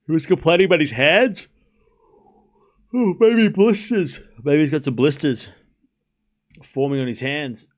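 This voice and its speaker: Long pauses mark the speech of this tennis watchalong streamer, whose fairly high voice moves at a measured pace. He calls the score and shots casually while chatting with viewers, thanking supporters, and playfully scolding the chat.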